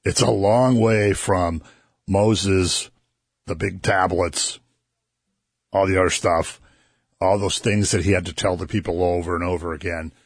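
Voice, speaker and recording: A man's voice: low-pitched, fairly even intonation, unhurried, no echo, studio quality. A man hosting a Christian radio show, earnestly explaining a Bible passage to listeners and his co-host. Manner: earnest, explanatory, builds emphasis. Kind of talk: conversational Bible teaching.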